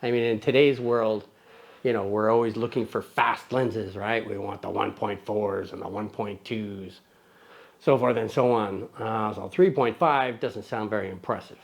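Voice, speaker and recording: A man's voice: lowish voice, steady tone, normal speed, creaky. Playful man hosting a camera show. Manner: playful, jokey, talks to his toddler co-host. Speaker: camera review host. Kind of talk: casual chatty lens review.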